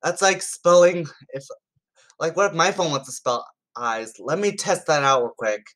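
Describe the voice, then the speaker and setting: A man's voice: on the high side, moderate pace, fairly bright tone. A YouTuber chats loosely and with amusement as he reads out text messages. His commentary is casual and unscripted, and he often trips over words and starts his sentences again. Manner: chatty and amused, stumbling over words and restarting.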